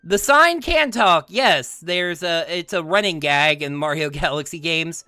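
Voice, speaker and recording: A man's voice: a little high, animated, unhurried, sharp tone, smooth, dry recording, studio quality. A man streaming a video game, chatting playfully with his chat and laughing often. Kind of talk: let's-play commentary.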